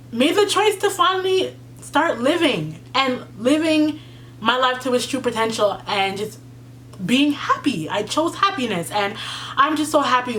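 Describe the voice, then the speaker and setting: A woman's voice: a little high, a bit bright, slight background noise. A young woman vlogger telling a personal story to camera, earnest and tearful, with many fillers and repeats. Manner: earnest, heartfelt, fillers and repeats, fighting back tears.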